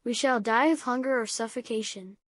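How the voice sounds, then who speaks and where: A woman's voice: fairly high pitch, brisk, dry recording, natural voice. A woman reading as an angry, despairing miner. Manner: crying out harshly.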